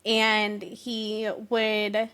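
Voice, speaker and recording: A woman's voice: medium pitch, monotone, extremely slow, fairly bright tone, smooth. A woman guest on a talk show, chatting earnestly and telling her story, sometimes searching for words. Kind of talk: casual interview chat.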